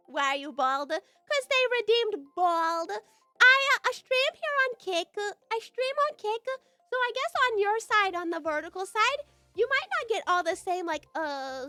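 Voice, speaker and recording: A young woman from the United States chats with her stream audience in a very high, childlike voice. Her bright, lively delivery is slow, bubbly and teasing. She is on a dry close mic with faint music underneath. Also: no echo. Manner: bubbly and giggly, playful teasing. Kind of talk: casual live-stream chat with viewers.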